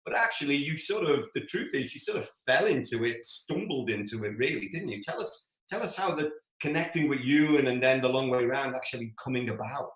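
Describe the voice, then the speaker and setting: A male interviewer asking long, relaxed, rambling questions in a casual chat, often repeating words. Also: mid-range voice, fairly quick, hardly any pauses. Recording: echoey room sound.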